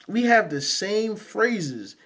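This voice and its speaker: A man with a New York accent riffs over video clips in relaxed slang. His voice sits a little high, and he jokes straight at his viewers. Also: takes it slowly. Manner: slangy, joking, talks to viewers directly. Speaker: reaction video host. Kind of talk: casual commentary on clips.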